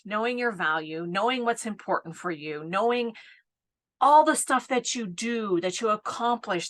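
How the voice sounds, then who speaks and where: Mid-range and fairly bright, a woman's voice carries a casual live coaching talk; she is a business coach in her fifties who laughs often and keeps checking in with "right?".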